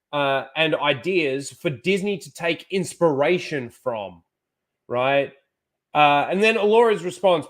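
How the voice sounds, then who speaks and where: A man hosting a casual live-stream, talking loosely with many fillers, frank and sometimes profane. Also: on the high side. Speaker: host.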